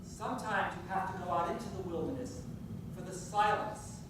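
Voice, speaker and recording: A man's voice: high voice, fairly even intonation, normal speed, noisy background. A male pastor giving an informal, conversational sermon, quizzing his congregation as he goes. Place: church sanctuary. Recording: echoey church from far off.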